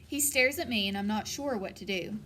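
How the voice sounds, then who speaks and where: A woman narrating a first-person audiobook in an even, storytelling manner. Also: mid-range voice, a little fast, slight background noise.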